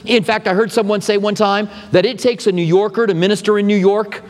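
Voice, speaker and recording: A pastor with a fairly high voice preaches in a relaxed, conversational way, turning aside now and then to speak straight to his congregation. He is teaching through a book of scripture. His words ring out with a long reverb from the church sanctuary. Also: brisk. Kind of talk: expository sermon.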